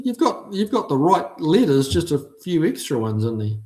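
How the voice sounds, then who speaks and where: A man's voice: on the high side, big pitch swings, normal speed, a little mellow. A middle-aged man from New Zealand with a New Zealand accent, casually chatting as he reads out viewer comments on his livestream, laid-back with frequent ums. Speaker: livestream host reading chat. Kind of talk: casual chat.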